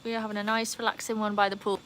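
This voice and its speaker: Talking very fast in a flat, fairly bright, medium-pitched voice, a woman hosts a casual poolside livestream at home, reading comments aloud and squealing cheers. Slight background noise is present.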